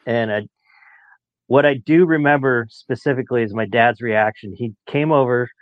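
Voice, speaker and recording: A man's voice: mid-range voice, normal speed, no room sound. A man in his late forties, a podcast guest telling stories in a chatty way and laughing as he talks. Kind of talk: casual storytelling. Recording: dull muffled dry sound.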